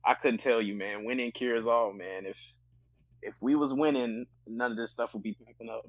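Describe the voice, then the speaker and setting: Easygoing male panelist, mid-pitched voice, dull lo-fi sound, talks frankly. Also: normal speed, dry recording. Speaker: guest panelist. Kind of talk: casual sports banter.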